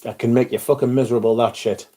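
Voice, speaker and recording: A man hosting a casual livestream, his voice mellow and warm rather than bright. He talks informally to his viewers, rattles off their names in greeting, and drops the odd swear word. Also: mid-range voice, steady tone, fast talker. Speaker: livestream host.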